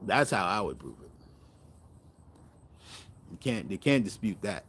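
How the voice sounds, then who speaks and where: A man's voice: low voice, sing-song, unhurried, a bit bright, soft background music. A middle-aged man hosting a cooking channel, chatting casually to viewers in a rambling, self-correcting way and animating his stories.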